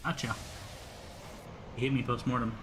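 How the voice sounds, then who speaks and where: A man's voice: medium pitch, little pitch movement, moderate pace. A young man rambles over his gameplay in an everyday mid-range voice, swearing and chatting to the enemies on screen. A faint hum of room sound sits under his talk. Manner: rambling, swears freely, talks to the enemy. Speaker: gameplay streamer. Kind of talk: casual gameplay commentary.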